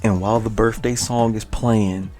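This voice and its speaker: A young man hosting a gaming channel, telling a story in an excited, slangy way and repeating words for emphasis. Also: fairly low pitch, moderate pace, soft background music. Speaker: gaming YouTuber, host. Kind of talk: casual enthusiastic storytelling to camera.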